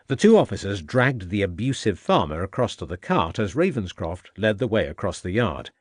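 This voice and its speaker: Low-voiced male audiobook narrator. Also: moderate pace, few pauses, no echo, studio quality. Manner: steady storytelling with dialogue tags. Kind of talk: scripted narration.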